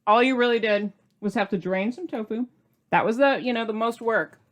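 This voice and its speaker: A woman's voice: a little high, moderate pace. A middle-aged woman hosting a cooking video, chatting in a gushing, bubbly way and sometimes talking while eating. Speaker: cooking channel host. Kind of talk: casual cooking demo chat.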